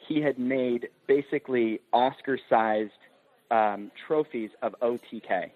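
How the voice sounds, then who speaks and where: A man's voice: medium pitch, unhurried. A man, a film producer guest on a podcast, telling a story with enthusiasm and laughter in casual chat. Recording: tinny phone-like line.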